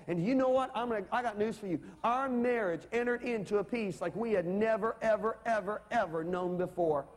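A male pastor with a notably high voice delivers an emphatic sermon, repeatedly calling on his listeners to say amen. His words ring out with a long reverb, as if heard in a large church sanctuary. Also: brisk, few pauses. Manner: emphatic, calls for amens and audience responses.

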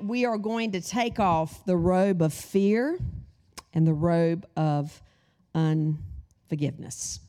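A middle-aged woman teaching a sermon, addressing the congregation with questions and call-and-response. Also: medium pitch. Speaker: women's Bible study teacher.

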